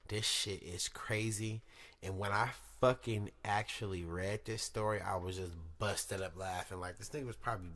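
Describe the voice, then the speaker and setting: A young man hosts his own podcast with a slangy, profane, hyped-up delivery. His voice sits somewhat low, yet it comes across bright and forceful, with energy pushed straight at the listener. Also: fairly even intonation, normal speed. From Sacramento, California. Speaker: podcast host. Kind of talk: casual monologue podcast.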